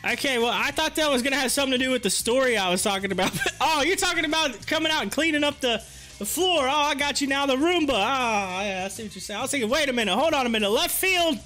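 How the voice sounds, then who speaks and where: A man with a very high, bright voice tells a story to his livestream chat. He talks casually, breaks into laughter often and acts out what his friends said. Faint music plays behind him. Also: fast talker. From rural area. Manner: animated, laughing often, acting out quotes. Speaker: livestream host.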